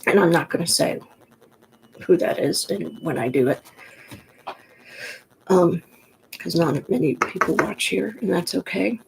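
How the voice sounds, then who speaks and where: A woman with a gruff, gravelly voice talks to her camera in a loose, rambling way. She grew up in the New York Pocono area and speaks frankly, drifting from one thought to the next, with faint noise in the background. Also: fairly low pitch, unhurried, long pauses, low-quality recording. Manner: chatty, digressive, frank. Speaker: vlogger. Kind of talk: casual rambling monologue to camera.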